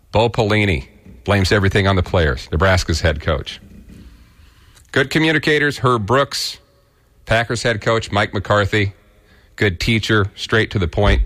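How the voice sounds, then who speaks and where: A man's voice: fairly low pitch, fairly bright tone. A man from Kansas with a rural Kansas accent, giving blunt, folksy opinion commentary as a radio host.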